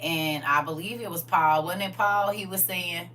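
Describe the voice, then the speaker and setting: A woman hosting a livestream in casual chat, laughing often, repeating "listen," and moving into gentle spiritual advice. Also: fairly low pitch, moderate pace. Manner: laughs often, repeats "listen" and "I'm trying to tell you". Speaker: livestream host. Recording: distant mic with faint hum.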